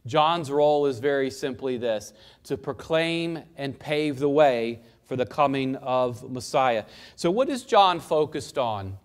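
A man giving an expository Bible teaching who asks questions and answers them himself, slowing down to stress key points and speeding through asides. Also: mid-range voice, lively intonation, smooth. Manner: explanatory, asks and answers his own questions. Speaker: pastor.

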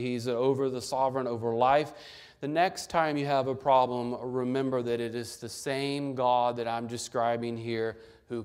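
Male preacher, mid-pitched, emphatic Bible teaching, heavy on rhetorical questions. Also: a little mellow, clear, resonant tone. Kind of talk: sermon.

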